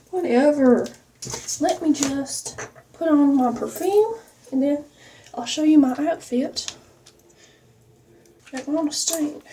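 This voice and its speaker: A woman's voice: sits high, warm tone, recorded from a distance, a little hiss or hum. A woman vlogger chatting casually while getting ready, rambling and self-mocking, slipping into a mock country accent. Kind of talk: casual get-ready-with-me chat.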